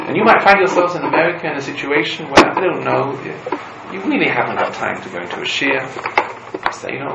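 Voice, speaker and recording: Animated, gravelly-voiced man giving a lecture. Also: medium pitch, quick pace, highs cut off. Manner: animated storytelling, mixing Hebrew quotes with explanation. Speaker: rabbi teaching a class. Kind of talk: Torah lecture to students. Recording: roomy room with background noise.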